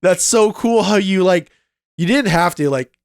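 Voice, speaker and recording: A man co-hosting a podcast, reacting to a movie in a halting, excitable way full of "like". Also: high-pitched, no echo, clean studio sound. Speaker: podcast co-host. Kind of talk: casual movie review chat.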